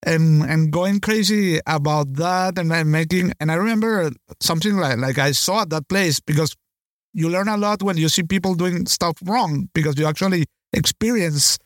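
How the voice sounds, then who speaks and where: A man's voice: fairly high pitch, moderate pace, dry recording, studio quality. A man, a chef and podcast co-host, talking in a rambling casual chat with many "you know"s.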